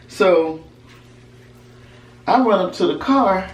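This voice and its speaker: A woman's voice: fairly low pitch, lively intonation, slow pace, pauses often. A woman recounting a personal story in a storytime vlog, talking emphatically and conversationally. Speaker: vlogger telling a personal story. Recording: roomy echo, mic at a distance, faint background hum.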